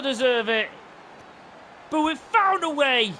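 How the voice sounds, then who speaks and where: A young man commentating his own football video game, excitable and openly venting at the play. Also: high voice, normal speed, a little hiss or hum. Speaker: gaming channel host. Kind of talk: live gameplay commentary. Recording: game music playing underneath.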